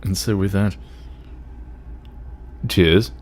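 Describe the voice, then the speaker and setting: Slow-talking Australian man streaming a game. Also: low voice, steady tone, a little mellow. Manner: joking, swears freely, self-deprecating. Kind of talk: casual livestream chat.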